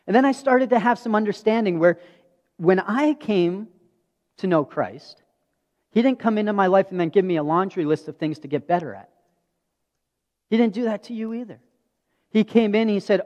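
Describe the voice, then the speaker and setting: A man's voice: sits high, fairly quick, pauses often, darkish tone. A pastor in his thirties preaching a sermon, telling stories earnestly and acting out dialogue. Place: church sanctuary. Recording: dull audio with long hall reverb.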